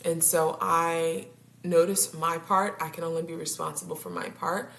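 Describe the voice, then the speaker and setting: A woman's voice: low-pitched, little pitch movement, normal speed, a bit bright. A woman couples therapist talking casually to her viewers, laughing often and tripping over her words. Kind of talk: casual talk to camera. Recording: roomy echo, faint background hum.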